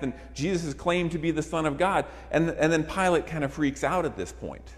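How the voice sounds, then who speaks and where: An emphatic male preacher delivering a sermon, his voice sitting a touch high for a man. He drives points home by repeating phrases. The sound carries a long reverb from a large hall. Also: brisk, hardly any pauses.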